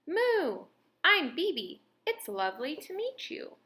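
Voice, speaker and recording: A woman's voice: sits high, very animated, slow, sharp tone, pitched above the performer's own voice, heavily acted. A woman doing a shy young kitten. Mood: polite.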